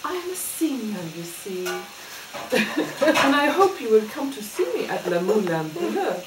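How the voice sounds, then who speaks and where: An eager young nightclub singer, played by a woman, sweet and gushing with a lively, slightly high voice. She sounds set back from the mic in an echoey room full of noise. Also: unhurried. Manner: sweet, gushing, a little giggly. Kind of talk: amateur murder-mystery party role-play. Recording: echoey noisy room from a distance.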